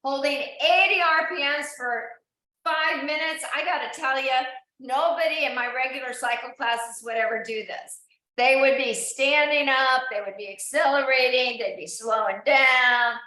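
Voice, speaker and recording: Recorded in a very echoey space, a woman instructor runs a live online indoor cycling class, motivating riders and addressing each one by name. Her high voice sounds pushed and bright, and she talks at a normal speed.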